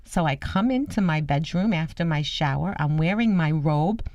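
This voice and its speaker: A woman's voice: low-pitched, expressive, normal speed, a little mellow, no echo, lo-fi sound. A woman voicing her elderly grandmother, an indignant, emphatic old lady in a nursing home.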